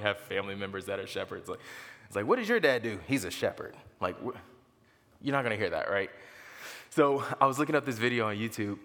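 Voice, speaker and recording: A man preaching a sermon as pastor, animated and leaping to high excited pitch for emphasis. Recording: long reverb of a large hall.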